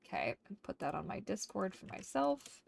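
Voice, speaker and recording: A woman's voice: medium pitch, very animated, normal speed, creaky, slight background noise. Woman streamer cooing at her dog. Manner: doting baby talk to her dog between game remarks. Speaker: gaming streamer. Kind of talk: casual gameplay chat.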